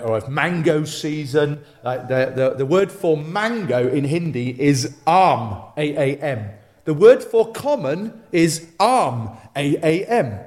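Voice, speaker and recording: A man preaching a sermon in an animated, conversational way, often restarting and repeating himself. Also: medium pitch. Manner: animated, repetitive, conversational storytelling with many restarts.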